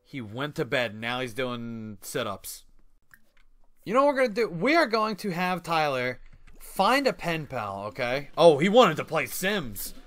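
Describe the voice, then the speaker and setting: A man giving casual let's-play commentary on a life-sim game, excitable and slangy, laughing often. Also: fairly high pitch, a little slow, soft background music.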